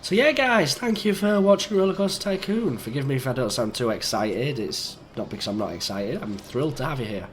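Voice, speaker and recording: A young man with a croaky, sick-sounding voice, rambling easily through game commentary. His pitch sits mid-range. A faint hiss of noise runs underneath. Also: animated, a little fast, few pauses. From England. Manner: rambling, chatty, easygoing. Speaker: gaming YouTuber. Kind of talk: rambling let's-play commentary.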